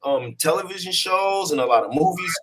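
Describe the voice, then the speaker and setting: A man's voice: high voice, animated, brisk, a bit bright. A man, an actor, chatting as an interview guest in a laid-back way, often checking in with his listener. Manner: laid-back, peppers talk with "you know what I'm saying". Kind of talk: casual conversational interview.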